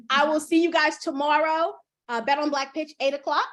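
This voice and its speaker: A woman's voice: sits high, fairly even intonation, normal speed, fairly bright tone. A woman hosting a casual livestream chat, laughing often and calling her viewers y'all. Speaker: host.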